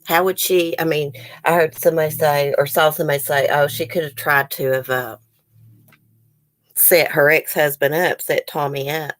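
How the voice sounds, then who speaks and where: A true crime channel host speaks from home, near where the case happened, in a low, steady, slightly bright voice at an ordinary pace with no echo. Close to tears, she sighs and addresses viewers in her livestream chat, sounding emotional and tearful.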